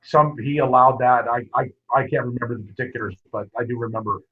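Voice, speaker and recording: A man, a wrestling coach, telling stories in a casual interview, lively and full of quoted dialogue. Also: medium pitch, quick pace, a crowd in the background. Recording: muffled lo-fi podcast audio.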